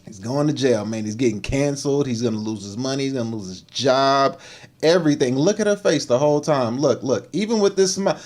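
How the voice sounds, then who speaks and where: A man hosting a livestream, giving teasing, animated reaction commentary on videos and repeating slang tags. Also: mid-range voice, fairly quick. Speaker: livestream host.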